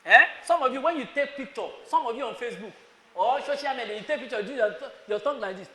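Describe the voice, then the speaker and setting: A man's voice: extremely high pitch, animated, fast talker, sharp tone. A man with a Nigerian accent preaching a sermon to students. He scolds them with rhetorical questions and calls on listeners by name. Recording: echoey hall.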